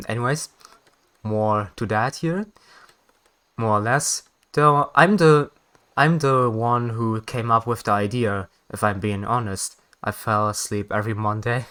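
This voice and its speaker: A man's voice: on the low side, a little slow, fairly bright tone, smooth. A man streaming a video game, chatting casually with viewers, often laughing and correcting himself. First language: German. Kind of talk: casual game stream chat, reading dialogue aloud.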